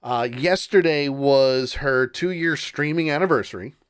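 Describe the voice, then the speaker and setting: A man's voice: mid-range voice, a little slow, clean tone. A man hosting a live-streamed talk show, chatting casually, laughing often and trailing off while he looks things up. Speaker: podcast host.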